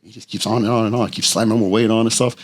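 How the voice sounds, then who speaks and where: A man's voice: fairly low pitch, steady tone. A man, a podcast guest telling blunt, profane stories in casual chat. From Texas. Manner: blunt, profane, fast anecdotes. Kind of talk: casual storytelling.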